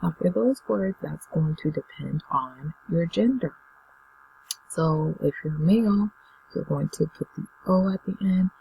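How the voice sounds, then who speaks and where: A woman teaching a beginner Spanish lesson, patiently saying words and pausing so students can repeat them. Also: lowish voice, vocal fry, warm tone, a little hiss or hum, rough recording. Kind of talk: classroom language lesson.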